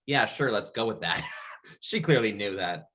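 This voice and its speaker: A man's voice: fairly low pitch, normal speed. A man in his thirties from the Niagara region, a guest telling his coming-out story in an interview, acting out what others said and often laughing. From Niagara region, Canada. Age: 30s. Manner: animated storyteller, acts out quoted voices, laughs often.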